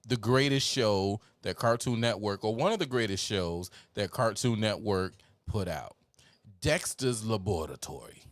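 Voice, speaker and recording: A man's voice: fairly low pitch, expressive, unhurried, dry recording. A man hosting a podcast, chatting casually in a playful, joking, agreeable way. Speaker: podcast host. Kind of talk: casual chat.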